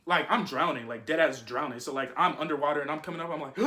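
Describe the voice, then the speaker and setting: A young man telling a story to his viewers in a casual, slangy, animated way. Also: on the high side, fast. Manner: slangy, animated, keeps saying "you feel me".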